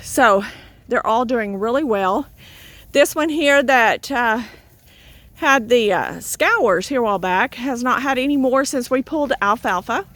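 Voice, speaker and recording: A woman's voice: a little high, lively intonation, unhurried, a bit bright, no echo. An older woman, out of breath, chatting casually to the camera from a goat pen while coaxing her goats. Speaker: goat farmer. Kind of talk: casual farm vlog. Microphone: handheld camera on a stand.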